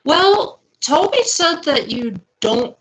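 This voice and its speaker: A woman's voice: sits high, expressive, slow pace, fairly bright tone, slight background noise, low-quality recording. A young woman streaming live, chatting casually and answering her viewers' comments.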